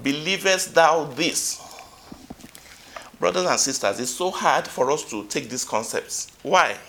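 A male preacher delivering a sermon in a bright, ringing voice. His pitch leaps and falls, with loud emphatic peaks and quiet asides. He asks the congregation questions and reads scripture aloud. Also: lively intonation, normal speed, creaky, a little hiss or hum.

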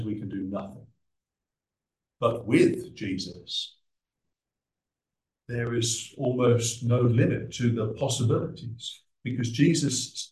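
A man preaching a sermon, measured and emphatic, with frequent hesitant fillers. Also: mid-range voice. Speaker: visiting preacher. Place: church in central London. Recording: roomy, distant church recording.

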